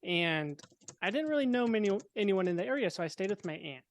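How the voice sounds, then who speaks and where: A young man, a podcast guest, telling a personal story in a relaxed, casual way with wry, deadpan dark humor. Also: high-pitched, a little fast.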